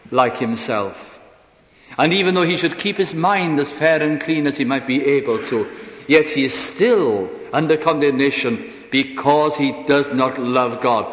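A man preaching a sermon earnestly, asking rhetorical questions and dropping into soft asides. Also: a little high, moderate pace. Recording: dull echoey hall recording.

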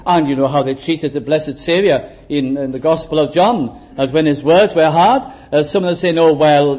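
Older guy preaching a sermon, earnest, high-ish voice, gets loud then drops way down quiet. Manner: earnest, rises to emphatic exhortations and drops low and quiet.

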